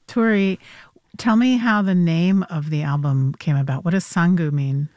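A woman hosts a radio interview, asking brisk questions and offering encouraging interjections. Her voice sits a little low for a woman. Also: mellow, muffled recording, slight background noise. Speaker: radio host.

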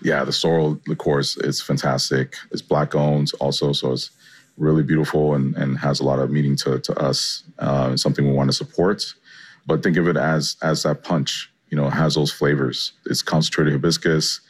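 A man's voice: very deep voice, level tone, normal speed, slightly rough. A man, a chef, giving chatty and enthusiastic answers in an interview. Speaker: chef and guest.

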